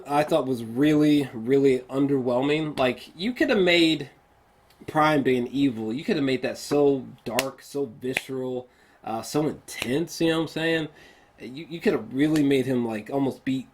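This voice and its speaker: A man's voice: medium pitch, darkish tone, slightly rough. A man giving a casual spoken film review, ranting in exasperation, swearing often and stumbling through many fillers. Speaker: movie reviewer.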